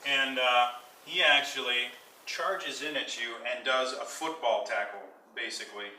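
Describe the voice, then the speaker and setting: Male dungeon master, bright, laughs easily; far-off roomy recording. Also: medium pitch, unhurried. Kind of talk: narrating a tabletop game. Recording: echoey room, mic far off, faint hiss.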